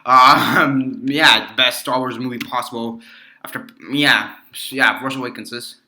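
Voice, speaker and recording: A man's voice: mid-range voice, steady tone, a little slow, sharp tone. A man casually reviewing a movie on his video channel, rambling with many fillers and restarts and swearing freely.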